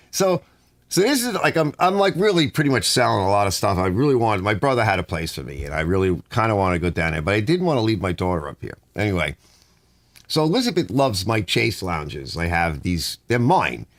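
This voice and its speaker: Chatty man with a lively voice. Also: on the low side, dry recording. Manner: chatty, reads viewer comments aloud. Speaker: livestream host reading chat. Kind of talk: casual livestream chat. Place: home garage.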